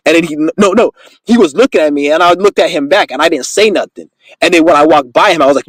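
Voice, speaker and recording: Fast-talking man in a rambling rant. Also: fairly high pitch, dry recording, rough recording. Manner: rambling, profane, boastful storytelling. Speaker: vlogger. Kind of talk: casual monologue.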